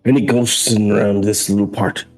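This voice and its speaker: A man's voice: fairly low pitch, fairly quick, soft background music, low-quality recording. A man playing a tabletop game, joking casually in character. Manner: jokey, relaxed. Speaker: tabletop player.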